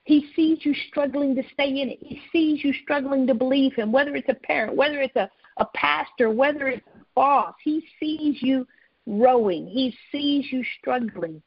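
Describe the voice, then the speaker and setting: A woman's voice: sits high, normal speed, no room sound. A woman preaching an earnest sermon, repeating her phrases and often restarting mid-sentence. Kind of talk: sermon-style teaching. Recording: dull, lo-fi sound.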